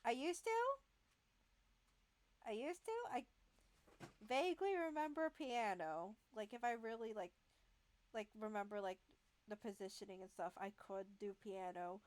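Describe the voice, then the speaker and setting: A woman with a medium-pitched, somewhat dark voice speaks a bit slowly and pauses often while hosting a gaming video. She reads a text adventure aloud with playful chatter, says "lol" aloud, and occasionally stumbles over words.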